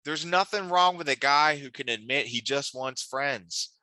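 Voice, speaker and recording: A man's voice: mid-range voice, measured pace, pushed and bright, no room sound, low-quality recording. A man co-hosting a casual wrestling chat, enthusiastic and teasing, often restarting his sentences. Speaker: podcast co-host.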